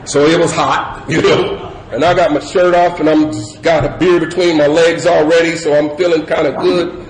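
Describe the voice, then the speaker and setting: A middle-aged man sharing his personal recovery story at a meeting, animated and laughing, with lots of "you know" fillers. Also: fairly high pitch, moderate pace. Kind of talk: personal testimony share. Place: meeting hall with audience. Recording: echoey hall with crowd noise. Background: audience murmur and ambience.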